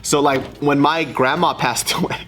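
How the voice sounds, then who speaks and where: A man in a casual group chat, telling a story in an animated way, with lots of "like" fillers. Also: fairly high pitch, moderate pace. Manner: animated storytelling, heavy use of "like". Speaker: guest commentator.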